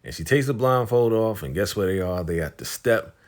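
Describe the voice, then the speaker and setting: A man's voice: lowish voice, expressive, brisk. A man hosting a casual TV episode recap, retelling scenes in slangy, chatty talk and paraphrasing what the characters say. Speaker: TV recap host.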